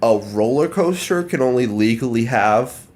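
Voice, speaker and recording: A man's voice: medium pitch, expressive, normal speed, darkish tone. A man co-hosting a casual book podcast, tossing in offhand facts and teasing jokes. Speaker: podcast co-host.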